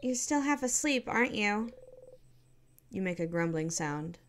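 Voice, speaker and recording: A woman voicing a cheerful, earnest young female adventurer in a game, bubbly and quick to fret. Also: medium pitch, animated, slight background noise, natural voice. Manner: bubbly, then anxious and apologetic.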